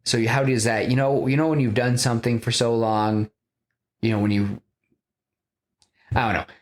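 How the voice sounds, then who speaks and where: A man's voice: mid-range voice, steady tone, normal speed. A man hosting a podcast, casually retelling a film scene by scene with lots of restarts and quoted lines. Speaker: podcast host pitching a film.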